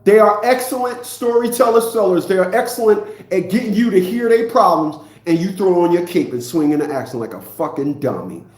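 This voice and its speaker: A man's voice: sits high, expressive, fairly quick, hardly any pauses, darkish tone, echoey room. A man in his fifties ranting in a preachy, profane monologue, often repeating himself. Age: 50s. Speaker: vlogger.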